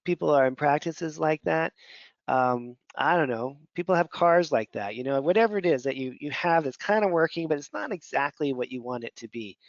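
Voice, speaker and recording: Male mentor, slightly high voice, chatty and meandering, dull lo-fi recording. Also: lively intonation, brisk, dry recording. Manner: conversational, rambling, many fillers. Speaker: functional medicine mentor. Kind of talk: casual teaching talk. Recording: dull lo-fi audio.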